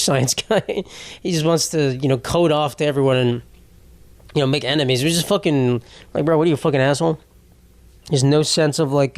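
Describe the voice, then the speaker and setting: With a voice on the high side and no echo, a young male podcast host in his twenties rambles through a profane comedy monologue. He keeps starting his sentences over.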